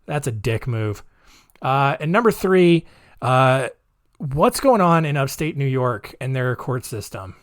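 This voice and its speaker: A man's voice: mid-range voice, very animated, measured pace, no echo. A man hosting a podcast in a casual monologue, rambling, offhand and sarcastic, on a close mic. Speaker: podcast host.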